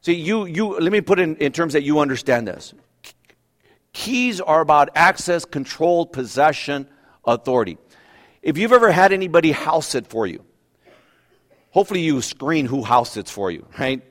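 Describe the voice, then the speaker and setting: Animated pastor, higher-pitched man. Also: moderate pace. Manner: animated, explains with everyday examples, asks "right?" often. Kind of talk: conversational sermon.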